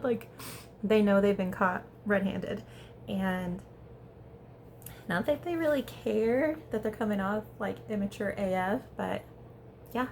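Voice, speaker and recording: A woman giving a casual, chatty recap of a reality show episode, talking fast and peppering her speech with "like". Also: mid-range voice, vocal fry, slight background noise. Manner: chatty, animated, heavy use of "like". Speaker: reality TV reviewer.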